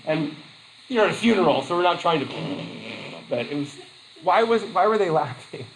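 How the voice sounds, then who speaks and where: A man teaching a class, telling chatty stories with asides and quick laughs. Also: on the high side, very animated, echoey room, a little hiss or hum, rough recording. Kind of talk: classroom lecture with anecdotes.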